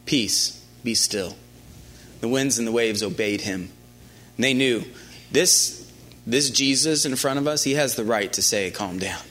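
A man preaching a conversational sermon, often restarting phrases and dropping into a quiet, low voice for quoted lines.

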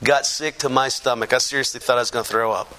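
A man, a pastor, giving a lively testimony sermon to a congregation in a church, acting out the voices of the people in his story. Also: mid-range voice, fast talker, a little hiss or hum. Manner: animated storyteller, acts out quoted voices.

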